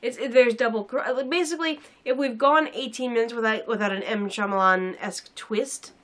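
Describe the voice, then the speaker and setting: A woman's voice: fairly high pitch, a little fast. A young woman casually reviewing a film in a sarcastic, rambling way with many fillers.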